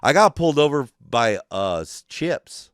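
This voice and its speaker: Animated, foul-mouthed storyteller man. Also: mid-range voice, a little slow, smooth, no echo, clean studio sound. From California. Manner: animated, swears constantly, acts out voices in his stories. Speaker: podcast host. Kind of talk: casual profane storytelling. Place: podcast studio.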